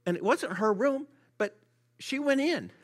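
A man's voice: very high-pitched, a little slow. A man speaking to a congregation, telling stories in a sermon and often repeating words as he goes. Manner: repeats words when excited. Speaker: church speaker for the Gideons. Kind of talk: sermon with storytelling.

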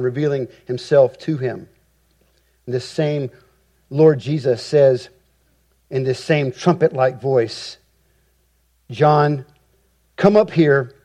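A man preaching an expository sermon, with emphatic rhetorical repetition and deliberate phrasing. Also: a little high, mellow. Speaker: pastor.

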